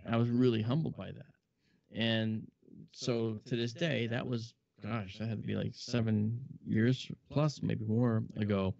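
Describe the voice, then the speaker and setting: A man guest on a talk show, a film model maker, telling chatty, animated anecdotes full of asides. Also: on the low side, a little slow, vocal fry. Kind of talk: anecdotal storytelling. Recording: dull lo-fi audio.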